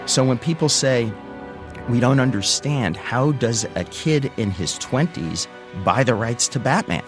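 A man in his sixties from the United States telling a first-person story, animated and acting out the voices of the people he quotes. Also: mid-range voice, a little slow. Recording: guitar music underneath.

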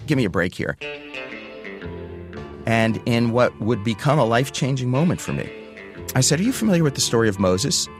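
A man in his sixties from the United States tells a first-person story, animated and acting out the voices of people he quotes. His mid-range voice is fairly quick, with guitar music underneath.

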